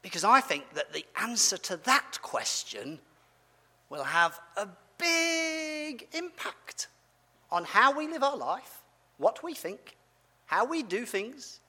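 Animated, bright-voiced man preaching in a hall. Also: very high voice, slow pace, husky. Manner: animated, asks the audience questions, playful. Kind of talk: family-friendly sermon.

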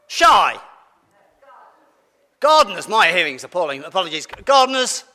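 A man's voice: high-pitched, big pitch swings, moderate pace, pushed and bright. A man, preaching a playful, interactive sermon and bantering with his congregation in a large church. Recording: long church hall reverb.

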